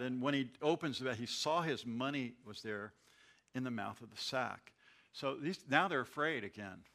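A man gives a verse-by-verse sermon, reading scripture and then explaining it in a chatty way. His voice is bright and forceful, and he often restarts his words as he talks it through. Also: mid-range voice. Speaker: Bible teacher.

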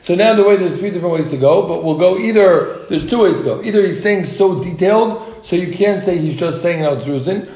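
High-voiced man teaching Talmud, echoey room. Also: dark tone. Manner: joking, rapid singsong study chant. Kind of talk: casual Talmud class. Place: classroom with students.

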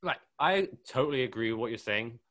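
Lively Essex-accented podcast co-host. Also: male voice, mid-range voice, brisk, no echo. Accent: English, Essex. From England. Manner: lively, blunt, swears freely. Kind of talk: casual chat.

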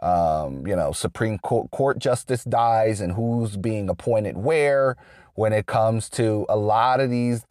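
A man's voice: lowish voice, a little mellow, no room sound, studio quality. A man giving an unscripted political monologue, rambling and restarting often with lots of fillers. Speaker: political commentator.

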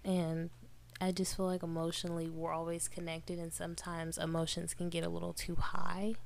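A woman co-hosting a relaxed podcast, speaking frankly and laughing easily. Her voice sits a little low with a gravelly fry running through it. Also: moderate pace, slight background noise. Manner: candid, laughs often, swears casually. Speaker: podcast co-host. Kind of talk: casual chat.

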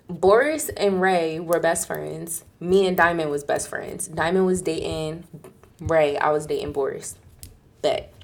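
A young woman telling a casual story in an animated, profane way, acting out the people she quotes. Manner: acts out quoted people in a higher, louder voice.

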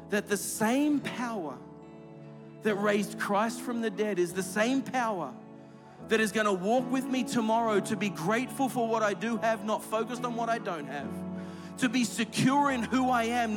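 A man preaching a sermon as pastor in a large church, building to emphatic, repeated phrases and leading a prayer. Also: high-pitched. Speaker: executive pastor. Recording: clear music playing under the voice.

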